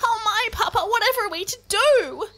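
A woman's voice: extremely high pitch, expressive, a little fast, sharp tone, voice pushed up, heavily acted. A woman doing a whiny fussy mama koala. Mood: fretful. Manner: fretting, cooing.

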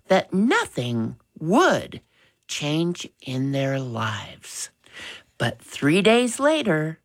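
A woman narrating a storybook in a measured, expressive reading. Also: low-pitched, gravelly, no echo.

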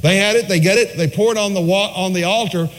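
A man's voice: sits high, a bit bright. Emphatic male preacher in a hall. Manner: emphatic storytelling with dramatic pauses. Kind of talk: sermon. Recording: long hall reverb.

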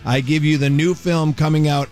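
A man's voice: fairly high pitch, steady tone, normal speed, a little mellow, soft background music. Playful male talk show host. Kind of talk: casual studio chat. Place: TV studio.

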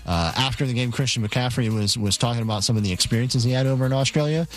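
A man's voice: medium pitch, quick pace, faint music behind. A man setting up audio clips on a sports radio show in a plain, matter-of-fact way with many fillers.

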